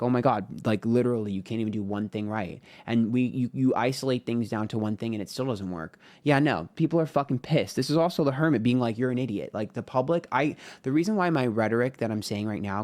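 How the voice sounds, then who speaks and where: A man's voice: fairly low pitch, darkish tone. A man giving a casual tarot reading on camera. He talks in a frank, rambling way, swearing often and using many fillers. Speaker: tarot reader.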